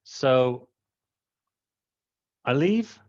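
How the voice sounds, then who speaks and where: A man with a Welsh accent, telling a personal story in an animated way and acting out the people he quotes. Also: medium pitch, drawn-out words. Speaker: trainer. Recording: dull lo-fi recording.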